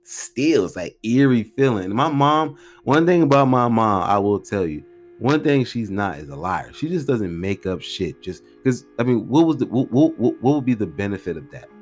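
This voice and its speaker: A man's voice: lowish voice, very animated, normal speed, faint music behind. Rambling, slangy man telling stories. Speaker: podcast host. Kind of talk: casual storytelling podcast.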